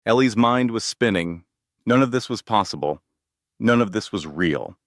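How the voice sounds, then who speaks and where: Low-voiced male story narrator. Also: animated, moderate pace, no echo, studio quality.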